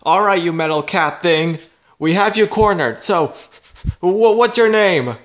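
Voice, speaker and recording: A man voicing an excitable male plumber hero in a plushie comedy video, eager and exclaiming. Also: high voice, a little slow. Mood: demanding.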